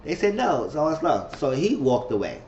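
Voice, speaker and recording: A man retells a reality TV episode in a loose, slangy, animated recap, with his voice sitting a bit high. The sound is roomy and dull, like a lo-fi home recording. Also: normal speed, a little hiss or hum. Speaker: TV show reviewer.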